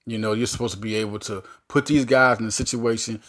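A man hosting a solo sports podcast, talking in a rambling, animated way with many restarts and fillers. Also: fairly low pitch, fast.

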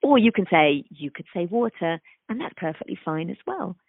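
A woman's voice: lowish voice, very animated, moderate pace, gravelly, breathy edge, no echo. A woman working as a speech-language pathologist, explaining thoughtfully in an interview and acting out little examples in a sing-song voice. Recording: dry, phone-like remote call audio.

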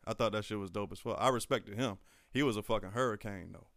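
A young man with a fairly low voice talks fast in a casual chat, swapping profane army stories and loudly acting out his old drill sergeants. The recording is dry and studio quality.

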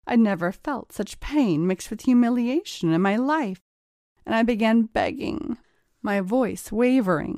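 Slow-reading woman narrator. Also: fairly high pitch, dark tone, dry recording, studio quality. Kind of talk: erotic story reading.

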